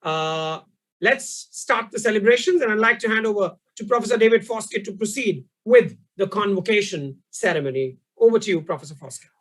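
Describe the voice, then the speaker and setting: A high-pitched man's voice hosting a ceremony over a video call. He thanks the guests, speaks to the viewers watching online, and hands the floor to the next speaker in an announcing tone. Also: lively intonation, brisk, low-quality recording. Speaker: host.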